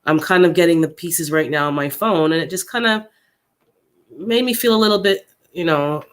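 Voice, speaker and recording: A man hosting a casual livestream for his viewers, upset and unsettled, who thinks out loud in a halting way and often repeats his words. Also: on the high side. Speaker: gardening channel host.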